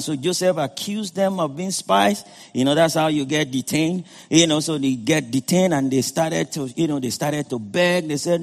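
A pastor preaching a sermon, retelling a scripture story in a conversational way with frequent "you know". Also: male voice, on the high side, moderate pace, big-room sound.

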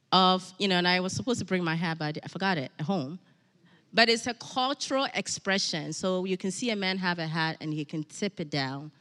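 A woman with a bright, forceful voice gives an earnest church address, explaining her points with emphasis. Her voice rings out with a long reverb through a large church sanctuary. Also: mid-range voice. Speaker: church speaker.

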